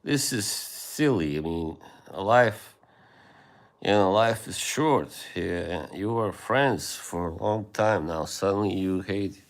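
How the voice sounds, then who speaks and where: A man hosting a livestream, chatting casually with viewers in a rambling, hesitant way with many fillers and soft laughs. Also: sits low, takes it slowly. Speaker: livestream host.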